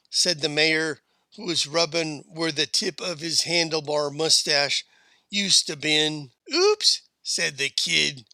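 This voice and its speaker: A man narrating a western tale in an unhurried, folksy storytelling manner. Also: fairly high pitch, creaky, sharp tone, no echo. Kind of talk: storybook reading.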